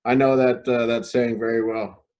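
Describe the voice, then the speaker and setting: A man in casual conversation, mid-pitched and plain. He hesitates and often restarts his thoughts mid-sentence. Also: level tone, moderate pace, a little mellow. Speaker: podcast co-host. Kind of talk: casual interview chat.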